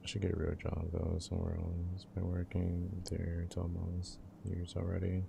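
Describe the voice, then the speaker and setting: A man's voice: low voice, monotone, moderate pace, vocal fry, background noise. A young man casually chatting with his livestream viewers in a laid-back, slangy way. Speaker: live streamer.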